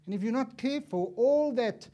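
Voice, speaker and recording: A man preaching a sermon as an evangelist, impassioned and swinging from loud to hushed, acting out little dialogues as he tells stories. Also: very high-pitched, expressive, normal speed, lo-fi sound. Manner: acts out dialogue in storytelling.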